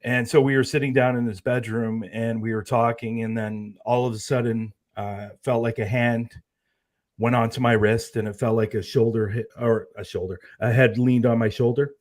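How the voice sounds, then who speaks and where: Male guest, mid-range voice, relaxed and easygoing, laughs easily. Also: medium pitch, moderate pace. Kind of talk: casual chat.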